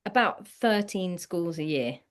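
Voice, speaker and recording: A woman's voice: on the low side, animated, measured pace. Woman hosting a podcast, upbeat, keeps things moving. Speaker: podcast host. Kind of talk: podcast interview.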